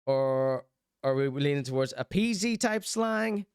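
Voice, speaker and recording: A man's voice: mid-range voice, lively intonation, unhurried, smooth, no echo, studio quality. A young Irish man hosting a live-streamed chat show, reading out chat and teasing viewers in rambling, jokey banter. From Ireland. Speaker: livestream host.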